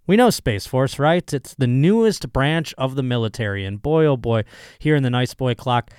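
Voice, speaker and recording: A comedian hosting his own podcast alone, talking in a rambling, excitable, profane way, his voice still hoarse from being lost. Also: medium pitch, normal speed, dry recording, clean studio sound. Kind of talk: casual solo podcast monologue.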